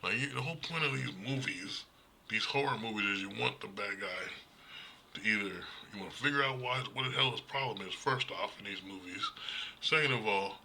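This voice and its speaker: A man's voice: on the low side, a little fast, vocal fry, bright, forceful tone, a little hiss or hum, poor audio. A man casually reviewing horror movies in a blunt, profane, rambling way, often restarting his sentences.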